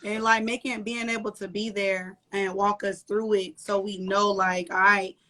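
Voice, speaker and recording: A young woman talks loose and slangy over a live video call, laughing often as she tells her stories. She speaks from a small corner at home, mid-pitched and easy. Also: little pitch movement, moderate pace, pushed and bright. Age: young adult. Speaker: guest, entrepreneur and mother. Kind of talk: casual interview chat.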